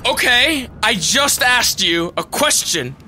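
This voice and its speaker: High, bright, excitable young gamer man. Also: takes it slowly, a little hiss or hum. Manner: loud, excitable yelling and frequent laughing. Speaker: gaming channel host. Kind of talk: casual gameplay chat.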